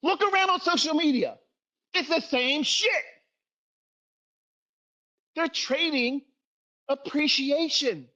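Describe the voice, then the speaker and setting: A man's voice: very high voice, slow pace, long pauses, pushed and bright. Profane, scolding middle-aged man. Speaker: trading educator. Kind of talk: livestream rant.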